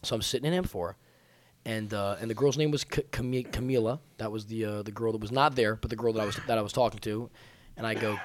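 A man in his twenties telling a crude, joking story in casual chat, sometimes mimicking others in a high voice. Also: fast, a little hiss or hum. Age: 20s. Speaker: podcast storyteller.

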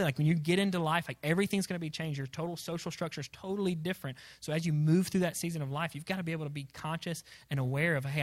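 A young man preaching to students, rambling and self-deprecating, full of fillers. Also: fairly high pitch. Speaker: youth pastor. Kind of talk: sermon to students.

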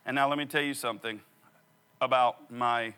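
A man preaching a sermon through an animated, comic personal story. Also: mid-range voice, normal speed, clear, resonant tone.

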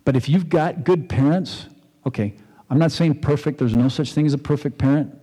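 A man's voice: fairly high pitch, fairly quick, warm tone, husky. Man preaching casually in a reverberant hall. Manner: conversational storytelling, acts out quotes. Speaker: pastor. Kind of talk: sermon. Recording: long reverb in a large hall.

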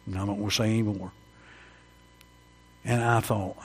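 A husky-voiced man preaches to his congregation at an evening church service. His words ring through a long, echoing hall, jumping to loud emphatic calls and then sinking to near-hushed confessions. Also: fairly low pitch, steady tone, normal speed. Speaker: pastor. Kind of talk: sermon.

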